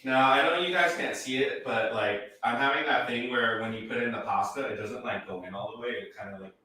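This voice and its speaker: A man's voice: mid-range voice, a little fast, heavy reverb, far from the mic. A man co-hosting a live stream while cooking at home, talking expressively and gushing over viewers. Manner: expressive, gushes when thanking viewers. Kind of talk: casual live stream chat.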